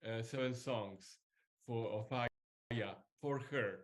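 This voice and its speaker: A man's voice: mid-range voice, slow pace. A man hosting an interview, thoughtful and hesitant, often searching for his words. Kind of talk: conversational interview.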